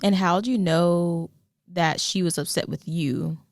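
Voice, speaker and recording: Woman host, low gravelly voice, brief attentive questions, dry sound. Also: steady tone, unhurried, darkish tone, no room sound. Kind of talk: interviewer.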